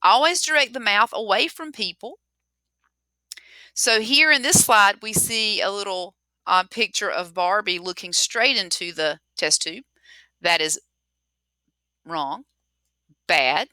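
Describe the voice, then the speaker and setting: A woman chemistry teacher giving a lesson on lab safety, talking clearly and repeating the key rules for emphasis. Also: medium pitch, slow, long pauses, pushed and bright, no room sound. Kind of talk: recorded classroom lesson.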